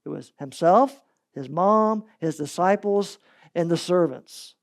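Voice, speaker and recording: Male preacher, sermon delivery, animated storyteller, dynamic loud-to-soft swings. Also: high voice, takes it slowly. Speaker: pastor.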